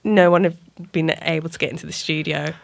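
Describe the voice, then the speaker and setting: A woman's voice: deep voice, fairly even intonation, a little fast, gravelly, no echo, clean studio sound. A woman co-hosting a casual podcast, talking in a playful, jokey way and laughing easily. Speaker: co-host and key holder. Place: small studio.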